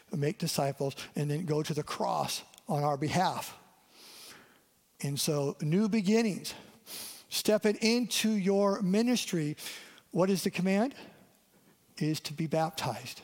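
In the long reverb of a church hall, a lead pastor gives a conversational sermon and asks his listeners questions. His voice is a little high and a little mellow.

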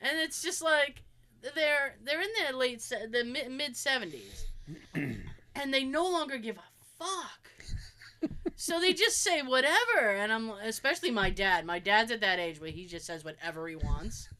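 A woman in her forties co-hosting a casual chat show, telling animated family stories with plenty of swearing and acted-out quotes. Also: fairly high pitch, normal speed. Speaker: podcast co-host.

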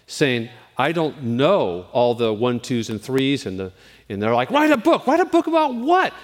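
A man's voice: fairly high pitch, fairly bright tone. A male pastor giving an informal, candid sermon, self-deprecating and chatty, often restarting his sentences. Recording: long hall reverb.

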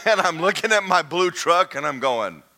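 An older man preaching, telling a folksy story with laughter and rising to shouts. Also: sits high, animated, normal speed. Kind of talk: sermon storytelling.

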